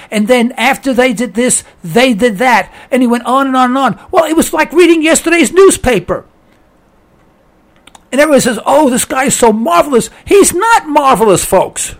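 Hoarse, high-voiced radio talk host. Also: male voice. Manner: ranting, exasperated, repeats words. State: hoarse with laryngitis.

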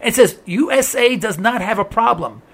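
A man's voice: sits high, lively intonation, normal speed, fairly bright tone, slightly rough. A man hosting a political talk radio show, speaking with impassioned emphasis and often restarting his phrases as he presses a point.

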